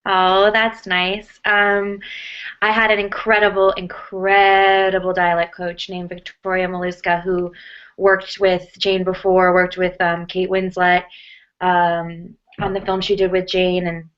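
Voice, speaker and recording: A woman's voice: on the low side, monotone, a little slow. An American woman answering interview questions casually, chatty with lots of fillers and restarts. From United States. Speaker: actress, interview guest. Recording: muffled lo-fi audio.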